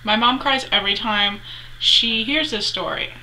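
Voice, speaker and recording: A woman's voice: on the high side, measured pace, sharp tone, a little hiss or hum, poor audio. A young adult woman chatting casually as a vlogger, retelling a story with lots of 'like' fillers.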